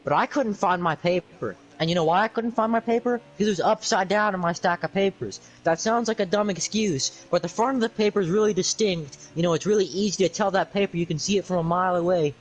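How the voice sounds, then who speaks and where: A man's voice: sits high, quick pace, hardly any pauses, low-quality recording. A young man telling an exasperated, sarcastic, rambling story on a livestream. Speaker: streamer.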